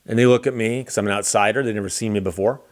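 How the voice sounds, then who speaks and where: A man from the Detroit area, hosting his own channel, tells a casual anecdote with animated delivery and acts out the dialogue. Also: on the low side, rapid-fire. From Detroit area, Michigan. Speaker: channel host.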